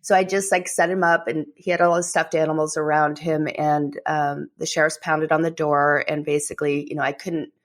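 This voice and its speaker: A woman's voice: low voice, flat delivery, moderate pace, few pauses. A middle-aged woman, a memoir author, telling her own story as an interview guest, candid and emotional, leaning on "you know".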